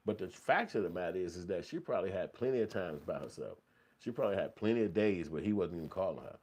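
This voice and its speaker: A man's voice: deep voice, animated, fast, a little mellow, slightly rough. A man giving heated, profanity-laden commentary in a blunt, repetitive rant.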